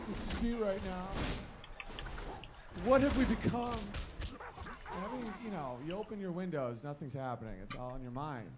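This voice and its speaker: A man from the Northeast United States doing a stand-up comedy set, animated, jumping into high excited voices for his dogs. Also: background noise.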